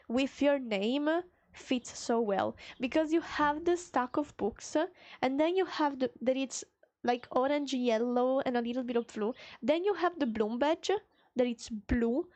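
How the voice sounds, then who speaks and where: A woman's voice: sits high, a little mellow, dry recording. A young woman streaming a coworking session, chatting casually with viewers and reading their messages aloud in a playful way.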